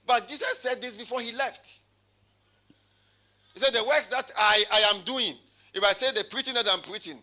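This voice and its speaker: A male pastor with a high voice and sharp tone preaches a sermon, reading scripture aloud and calling out to his congregation in call-and-response fashion.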